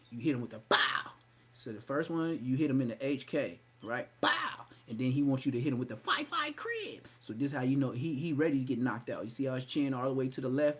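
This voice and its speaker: A man's voice: mid-range voice, husky. Man roasting someone on a live stream. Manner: mocking, profane, loud outbursts. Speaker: podcast host.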